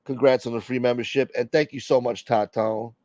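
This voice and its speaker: A man's voice: mid-range voice, fairly even intonation, a little fast, a little mellow, dry recording. A man hosting a casual livestream, joking brashly with viewers and swearing freely. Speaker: livestream host.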